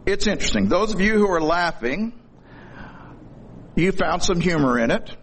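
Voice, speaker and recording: Middle-aged guy preaching, folksy and jokey, voice a bit high, slight hiss behind. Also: animated, moderate pace, pauses often. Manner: folksy storytelling with corny jokes. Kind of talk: sermon.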